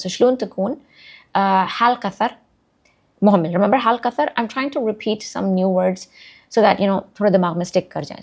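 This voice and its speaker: A woman who also speaks Urdu giving a casual, chatty language lesson, repeating words slowly and joking about herself. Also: mid-range voice, darkish tone. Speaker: language learner teaching vocabulary.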